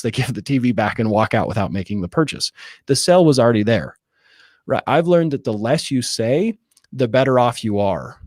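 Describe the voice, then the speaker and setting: A real estate wholesaler with an animated, mid-range, somewhat dark voice talks fairly quickly about making sales calls in a casual interview. He keeps acting out phone scripts and tagging on "right?" The sound is clean studio audio with no echo.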